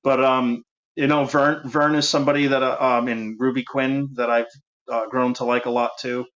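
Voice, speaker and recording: A man's voice: medium pitch, little pitch movement, moderate pace, a bit bright. A man with a Rhode Island accent hosting a call-in livestream, chatty and easily distracted, full of fillers and restarts, talking over a speakerphone. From Rhode Island, USA. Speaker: host. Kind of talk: casual call-in livestream chat. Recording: dull lo-fi speakerphone audio.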